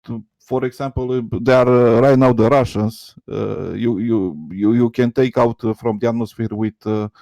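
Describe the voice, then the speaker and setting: A man debating in English as a second language, excited and stammering, repeating words as he argues. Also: mid-range voice, moderate pace, creaky, few pauses, no echo. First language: not English. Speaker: debate guest. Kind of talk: live online debate.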